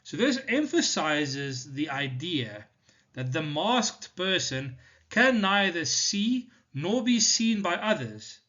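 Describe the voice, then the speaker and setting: Slow, bright-voiced male teacher. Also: fairly high pitch, sing-song. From South Africa. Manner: slow, deliberate explanation with frequent "so" and "now". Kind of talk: poetry lesson explaining a poem. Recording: slightly dull lo-fi recording.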